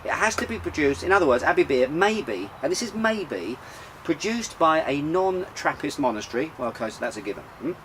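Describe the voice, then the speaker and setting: A man's voice: a little high, big pitch swings, brisk, a bit bright, a little hiss or hum, low-quality recording. A man hosting a casual beer show outdoors, talking in a rambling, chatty way with lots of fillers and restarts. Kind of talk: casual chat about beer. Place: outdoors in sunshine.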